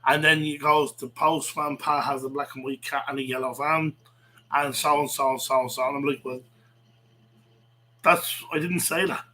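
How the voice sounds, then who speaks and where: A man's voice: a little high, fairly even intonation, normal speed, pushed and bright, slight background noise, poor audio. A man ranting in a rambling way, swearing a lot, with many fillers and restarts. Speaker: vlogger. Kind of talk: rambling rant to camera.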